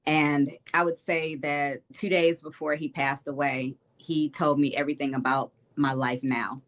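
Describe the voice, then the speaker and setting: A woman's voice: low voice, little pitch movement, a little slow. Woman from Detroit, interview guest recounting family loss, earnest and reflective. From Detroit, Michigan. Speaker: state representative, guest. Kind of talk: personal testimony in an interview.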